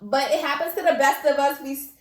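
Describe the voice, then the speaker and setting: A young woman telling a personal story in casual vlog style, animated, blunt and full of slang and swearing. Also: high-pitched, quick pace, roomy sound, noisy background.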